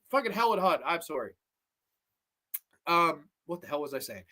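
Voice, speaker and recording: A man hosting a podcast, chatting casually about a film in a rambling, excitable way and swearing often. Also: on the high side. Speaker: podcast host. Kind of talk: casual movie review chat.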